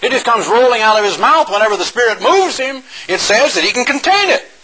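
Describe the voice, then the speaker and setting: A middle-aged man preaching a sermon, reading scripture slowly for emphasis and explaining it in a folksy, sarcastic way. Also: very high-pitched, husky, rough recording. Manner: animated, folksy and sarcastic asides; slows down to stress scripture phrases.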